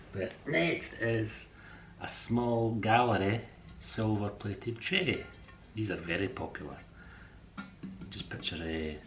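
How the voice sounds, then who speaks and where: A man with a very low, deep voice talks through a casual home vlog. He rambles in a friendly way with hesitations and chuckles, while a faint room ambience sits behind him. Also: fairly bright tone, a little hiss or hum. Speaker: artist and eBay seller showing a shopping haul. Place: indoors at home.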